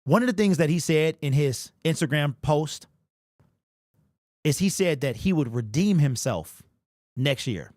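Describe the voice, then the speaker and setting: A man's voice: a little high, lively intonation, unhurried, long pauses, darkish tone, no room sound, clean studio sound. A man hosting a live sports talk stream, speaking emphatically and with emotion, reading comments from the chat. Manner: emphatic, emotional, talks straight to the player. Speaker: sports show host.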